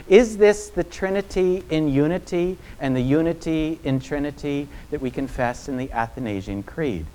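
A man preaching a sermon as pastor. He asks his listeners a string of rhetorical questions and drops low and quiet on key phrases. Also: expressive, normal speed, few pauses.

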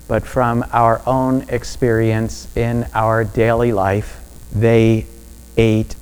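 Guy preaching slow and smooth, builds up to loud emphatic bits, bit of hum behind. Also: lowish voice, rough recording. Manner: measured, deliberate preaching with rising emphatic peaks. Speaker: pastor. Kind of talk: sermon.

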